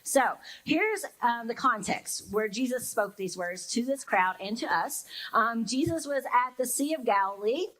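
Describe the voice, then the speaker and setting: A woman's voice: on the high side, expressive, a little slow, hardly any pauses, a bit bright, low-quality recording. Woman preaching a chatty, reflective sermon. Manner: casual and reflective, many fillers, acts out listeners' inner reactions. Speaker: pastor. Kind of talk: conversational sermon.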